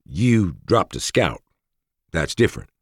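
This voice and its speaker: A seasoned male warrior who talks plainly about the odds of battle, put on by a man reading an audiobook. The voice is lifted a little above a very low, husky base, with a lively pitch. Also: unhurried, no room sound, clean studio sound, heavily acted. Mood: somber. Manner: talkative, plain-spoken. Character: veteran male warrior, matter-of-fact. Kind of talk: audiobook character voice.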